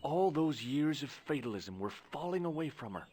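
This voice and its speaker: A man's voice: fairly high pitch, very animated, normal speed, darkish tone, slight background noise. An actor voicing a curious, wry young male adventurer in a video game, talking casually and inquisitively. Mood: reflective. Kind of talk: video game voice acting with narration.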